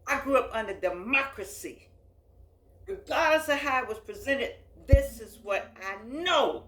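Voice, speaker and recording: An American woman in her eighties hosts an impassioned address to camera on her phone, emphatic and preacherly, repeating her phrases. Her high voice is expressive, unhurried and a bit bright, and the room echoes.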